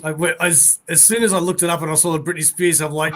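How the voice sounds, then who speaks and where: A man hosting a casual chat on a video call, talking hesitantly with many pauses and chuckles. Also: a little high, flat delivery, noisy background. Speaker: host.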